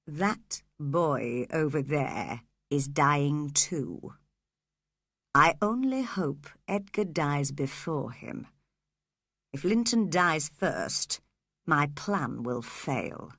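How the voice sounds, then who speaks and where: A woman voicing a cruel, scheming older man who speaks low, quiet and menacing. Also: animated, very slow, no echo, studio quality, full character voice.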